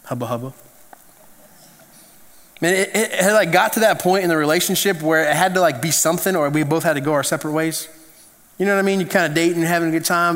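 A man preaching in a loose, storytelling way, repeating words as he builds his point. His voice sits high for a man. A long reverb from the hall trails each phrase. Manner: animated, conversational storytelling with restarts. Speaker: pastor. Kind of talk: sermon.

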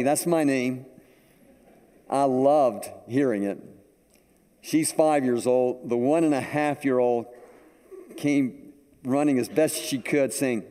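An older man preaching a sermon as pastor, telling homey anecdotes in a slow, deliberate way. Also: medium pitch, warm tone, big-room sound. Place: large auditorium.

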